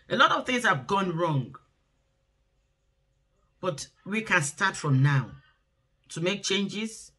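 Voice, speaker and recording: A woman's voice: medium pitch, pushed and bright. A middle-aged woman, hosting a relationship talk and giving earnest, preachy advice. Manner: earnest, exhorting, acts out quoted voices.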